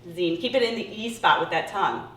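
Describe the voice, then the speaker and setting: A woman speech therapist coaching voice exercises, encouraging and demonstrating words with exaggerated pitch glides. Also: fairly quick, fairly bright tone, far from the mic, slight background noise. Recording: roomy echo, a bit off-mic.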